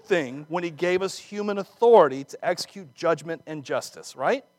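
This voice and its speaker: A man preaching a sermon, acting out scripture dramatically with laughs and quick asides. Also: high-pitched, expressive, no echo. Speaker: pastor.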